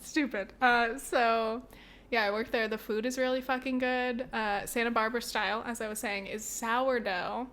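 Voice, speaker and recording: Chatty woman podcast host, higher voice. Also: fairly even intonation, moderate pace, fairly bright tone. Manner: swears often, laughs, acts out little scenes with sound effects. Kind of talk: casual chat.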